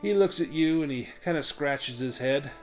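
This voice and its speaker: A man running a tabletop game as game master, explaining rules and narrating scenes in a relaxed way with frequent ums. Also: on the high side, normal speed, soft background music.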